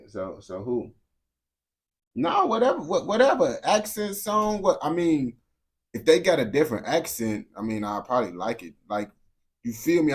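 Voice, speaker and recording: A young American man streaming to his chat, talking bluntly in heavy slang, often restarting and repeating words. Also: lowish voice. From United States. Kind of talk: casual unscripted rant to viewers.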